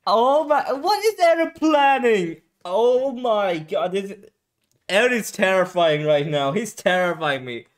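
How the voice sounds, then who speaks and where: Man, reaction video host, excitable, high-pitched, slow-paced, drawn-out exclamations, stumbling restarts. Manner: stumbling restarts when agitated. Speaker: anime reaction channel host.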